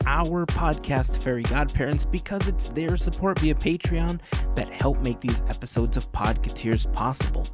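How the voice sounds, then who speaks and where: A man's voice: on the high side, normal speed. A man hosting a fan podcast, reading the intro with an upbeat, sing-song delivery over music. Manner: upbeat, animated, sing-song promo reads. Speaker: podcast co-host. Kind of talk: casual podcast chat.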